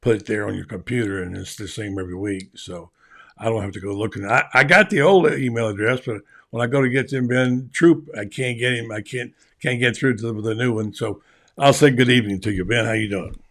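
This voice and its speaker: A man's voice: fairly low pitch, brisk, a bit bright. A man hosting a sports talk show, talking in a folksy, rambling way. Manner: folksy, rambling, self-deprecating. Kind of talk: casual radio sports talk.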